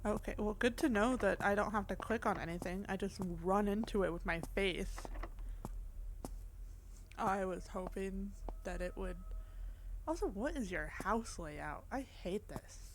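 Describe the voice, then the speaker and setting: A woman's voice: mid-range voice, measured pace, noisy background. A young woman gamer giving casual, chatty let's-play commentary on a horror game, reacting as she goes and joking at her own expense. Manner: chatty, reactive, self-deprecating.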